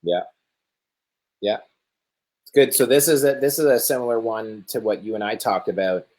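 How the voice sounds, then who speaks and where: A man hosting and moderating a live Q&A, casual and halting with many fillers. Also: on the low side, darkish tone, poor audio. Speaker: host and moderator.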